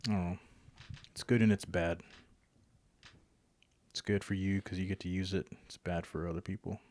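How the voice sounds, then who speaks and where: Low-voiced man in joking casual chat. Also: little pitch movement, moderate pace, a little mellow. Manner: loose, joking, rambling with fillers. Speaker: podcast co-host.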